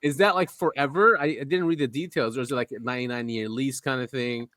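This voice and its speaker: A man's voice: mid-range voice, steady tone, fast talker, pushed and bright, no room sound, clean studio sound. An American man co-hosting a podcast in casual chat, teasing and laughing easily with his co-host. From United States.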